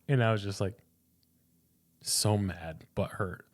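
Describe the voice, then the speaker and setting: A man's voice: fairly low pitch, slow. A young man and pastor, a podcast guest, telling a personal faith story in an earnest, casual way, often repeating words and saying "dude".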